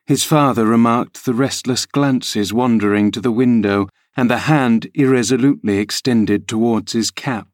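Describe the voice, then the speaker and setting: A man reading a classic novel aloud in measured, even scripted narration. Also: mid-range voice, no room sound, clean studio sound. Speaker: audiobook reader.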